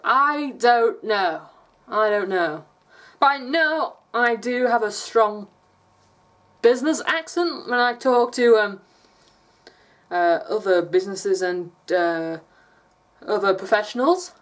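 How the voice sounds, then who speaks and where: Slow-talking English woman vlogger. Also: mid-range voice, animated. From England. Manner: chatty, rambling, laughs often. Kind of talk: casual vlog chat.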